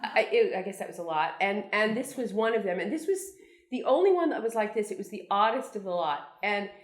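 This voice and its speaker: A woman's voice: mid-range voice, animated, fairly quick. A woman in her sixties from Brooklyn, a cartoonist telling wry, meandering, self-deprecating stories to an audience, with frequent restarts and asides. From Brooklyn, New York. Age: 60s. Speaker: cartoonist guest speaker. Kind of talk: anecdotal talk to an audience.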